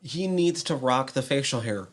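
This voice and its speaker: A man co-hosting a podcast in casual chat, relaxed, laughing often and pausing with fillers. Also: medium pitch. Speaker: podcast co-host.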